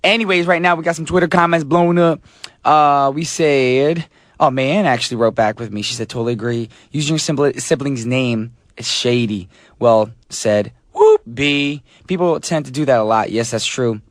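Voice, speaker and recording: A hoarse man hosting a radio show in casual chat, joking with listeners and using many fillers. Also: fairly high pitch, normal speed, no echo, clean studio sound.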